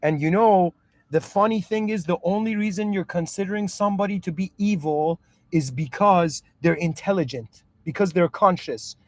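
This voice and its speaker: Here the podcast host, who came to Canada at seven, has a high voice at normal speed with no echo. His reflective monologue is earnest, with many restarts and checks that the listener is keeping up.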